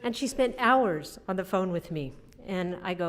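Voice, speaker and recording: A middle-aged woman giving a funeral eulogy for her sister, telling childhood stories with soft laughs. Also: lowish voice, lively intonation, a little fast, heavy background noise. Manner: anecdotal storytelling with soft laughs.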